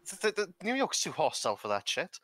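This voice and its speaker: A man's voice: fairly high pitch, huge pitch swings, fast. A man telling a funny anecdote in casual chat, often stammering on restarts. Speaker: tabletop game player on a stream panel.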